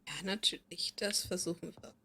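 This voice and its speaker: A woman with a German accent giving relaxed, chatty commentary while streaming a game. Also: on the low side, normal speed, slight background noise. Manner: relaxed, chatty, thinking aloud. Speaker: let's play streamer.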